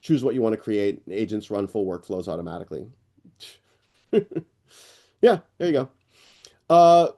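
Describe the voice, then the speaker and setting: A middle-aged man hosting an online AI news session, rambling and excitable, with lots of fillers and restarts. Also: a little high. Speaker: host presenting AI news. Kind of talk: casual screen-share walkthrough on a live call.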